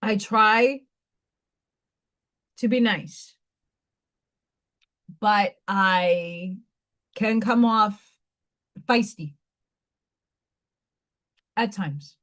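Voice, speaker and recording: A woman's voice: medium pitch, drawn-out words, pauses often, a bit bright. A woman with a fading Staten Island New York accent, chatting bluntly and rambling on her own live stream. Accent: faded Staten Island New York. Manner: blunt, rambling, frequent restarts. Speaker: livestream host. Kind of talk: casual live-stream chat.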